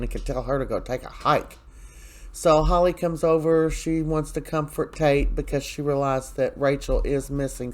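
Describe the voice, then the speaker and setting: A man hosts a casual spoken recap of a soap episode, sounding chatty and opinionated with frequent fillers and asides. His pitch is medium.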